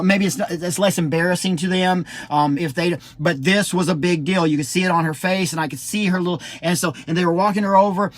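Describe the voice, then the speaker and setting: A middle-aged man telling a personal story as a parent, halting and full of restarts, acting out the quotes. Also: sits high, no echo. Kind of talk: casual spoken storytelling.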